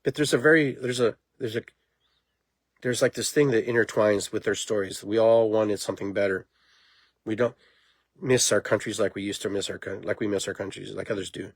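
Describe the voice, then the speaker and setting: A man hosting a podcast in a casual monologue, talking in an animated, rambling way and laughing at himself. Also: lowish voice, brisk, gravelly, husky, no room sound. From immigrant to the United States. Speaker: podcast host.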